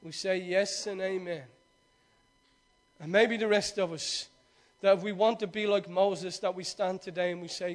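A male pastor preaching and praying fervently, repeating phrases and swinging from hushed prayer to loud exhortation. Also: sits high, fairly even intonation, moderate pace. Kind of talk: sermon with prayer.

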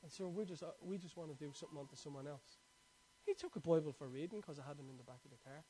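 A man's voice: on the high side, quick pace, dark tone, a little hiss or hum. A man preaching a sermon, telling a personal story in a conversational way and quoting scripture.

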